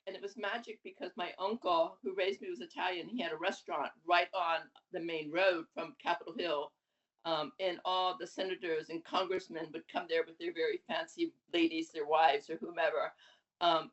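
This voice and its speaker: Lively seventy-two-year-old woman telling stories. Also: on the low side. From USA. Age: 70s. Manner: lively, animated storytelling with laughs and acted quotes. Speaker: guest. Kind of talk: casual storytelling interview. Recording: dull lo-fi audio.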